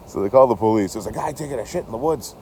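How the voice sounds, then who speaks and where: A man's voice: mid-range voice, mellow, a little hiss or hum. A young man telling a rambling story outdoors near his camp, swearing and laughing often. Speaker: vlogger. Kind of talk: casual storytelling.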